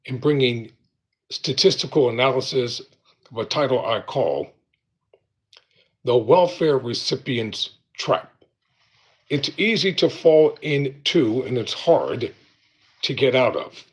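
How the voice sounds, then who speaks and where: A man hosting his own show, talking in a slow, deliberate, preaching style with pauses. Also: mid-range voice, animated. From United States. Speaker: show host. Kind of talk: monologue commentary.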